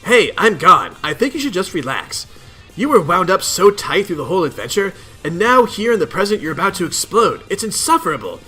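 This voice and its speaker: A man's voice: sits high, very animated, fairly quick, pushed and bright, husky, faint music behind, full character voice. A man voicing a smug, boastful teenage female troll who taunts the others.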